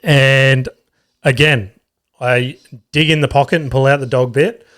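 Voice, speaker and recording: A man's voice: medium pitch, steady tone, measured pace, fairly bright tone. An Australian man hosting a podcast, telling a rambling, profane story about touring as a stand-up comedian. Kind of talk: casual storytelling monologue.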